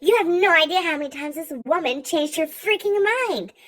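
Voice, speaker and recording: A young woman vlogger telling a funny story, exasperated and swearing freely in rapid rants. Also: sits high, a bit bright, low-quality recording. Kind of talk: comic storytelling.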